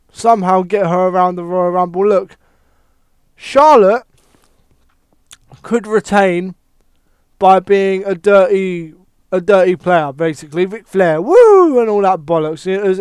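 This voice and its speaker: A man giving a casual, animated wrestling opinion monologue, swearing heavily and thinking aloud with many restarts. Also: high-pitched, clean tone, dry recording. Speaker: wrestling commentator.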